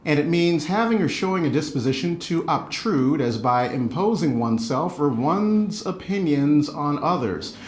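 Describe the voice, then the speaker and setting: A man's voice: on the high side, expressive, normal speed, hardly any pauses. A British man reading out spelling bee words and definitions, joking about his own accent. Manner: joking, self-deprecating, apologetic. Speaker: spelling bee word reader. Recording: noisy crowd in background.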